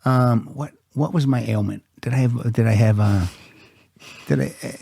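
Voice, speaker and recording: A man hosting a podcast, telling a rambling, animated story and swearing freely. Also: medium pitch, moderate pace, creaky, breathy edge. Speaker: podcast host.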